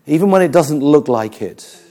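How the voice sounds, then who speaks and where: A man preaching a sermon, telling stories with jokes and an animated delivery. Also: fairly high pitch, normal speed. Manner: animated, joking storyteller.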